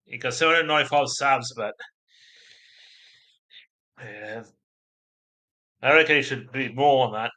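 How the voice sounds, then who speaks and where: Australian male streamer, bright tone, rambling chatty delivery to chat. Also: medium pitch, a little slow, long pauses. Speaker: livestream host. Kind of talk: casual livestream chat.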